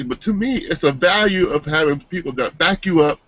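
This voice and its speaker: A man giving an earnest, emotional personal testimonial, halting and restarting as he speaks. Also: fairly high pitch, expressive, fairly bright tone, dry recording. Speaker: team member giving a testimonial. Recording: dull, dry lo-fi sound.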